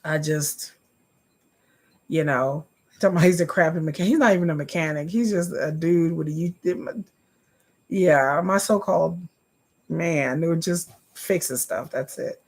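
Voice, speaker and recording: Gravelly-voiced woman chatting to viewers. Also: sits low, measured pace. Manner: chatty, addresses viewers as y'all. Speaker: livestream host. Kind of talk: casual livestream chat to viewers.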